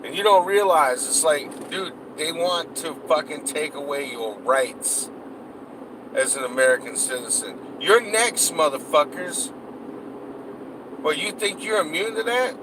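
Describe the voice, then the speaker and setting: Man, slightly high voice, angry cursing rant, road and engine noise behind. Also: measured pace. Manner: heated, cursing, repetitive. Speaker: political vlogger.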